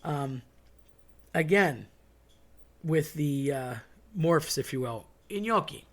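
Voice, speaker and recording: A man talks in a loose, chatty monologue, wandering into side stories and wry asides. His voice sits a little high for a man. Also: animated, slow pace, a bit bright. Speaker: host. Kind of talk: casual monologue.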